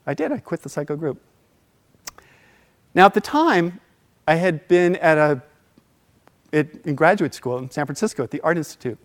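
A middle-aged man telling a personal story in a relaxed, casual way, acting out quoted voices and laughing between lines. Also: on the high side, moderate pace, long pauses.

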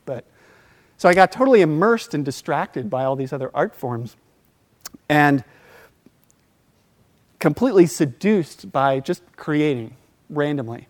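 A middle-aged man, his voice a bit higher than most men's, tells a personal story in a loose, conversational way. He acts out quoted voices and lets short laughs slip in between lines. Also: measured pace, pauses often.

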